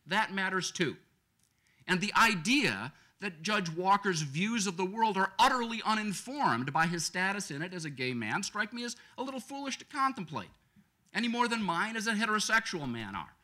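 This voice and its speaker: A man speaking on a law school panel, arguing his case with rhetorical questions and an animated, persuasive manner. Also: sits high. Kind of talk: lecture-panel argument. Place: law school lecture event.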